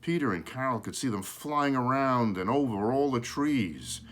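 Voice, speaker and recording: A man's voice: medium pitch, lively intonation, moderate pace. A man reading a children's book aloud, with casual asides to show the pictures and small self-corrections along the way. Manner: shows pictures while reading.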